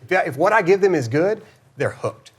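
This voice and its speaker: A man's voice: high-pitched, lively intonation, fairly quick, breathy edge. A man, a competing barista, rehearsing his routine and talking over his approach. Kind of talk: rehearsing and casual chat.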